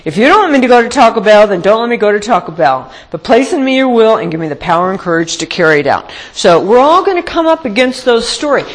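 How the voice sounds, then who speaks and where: A woman sharing a personal recovery story at a meeting, telling it with lively acted-out quotes. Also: a little high, fast talker, hardly any pauses, rough recording. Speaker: meeting speaker.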